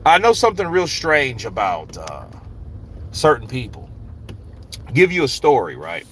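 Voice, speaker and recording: A middle-aged man hosts a casual live stream with a bright, forceful voice, loose and rambling as he greets viewers by name. Faint road noise from the car he sits in hums behind him. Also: mid-range voice, huge pitch swings, a little slow. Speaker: boxing channel host.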